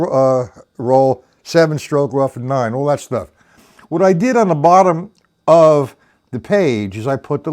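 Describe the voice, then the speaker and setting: A man teaching a live-streamed drum lesson, explaining patiently and counting the sticking aloud in a low murmur. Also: a little mellow. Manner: slow, patient explaining, reads out chat names. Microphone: webcam or computer mic on a live stream.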